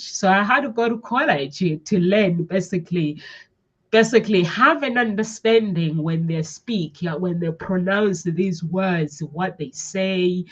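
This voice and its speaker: A woman's voice: on the low side, measured pace, muffled recording. A woman from Africa, with English not her first language, hosting a casual chat, restarting often and laughing easily. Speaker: host.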